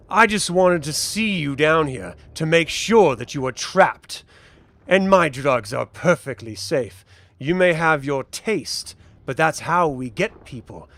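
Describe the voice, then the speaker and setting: A man's voice: on the high side, expressive, unhurried, a bit bright. A man voicing a sinister, red-robed male cultist who taunts and threatens. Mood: menacing. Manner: menacing, taunting.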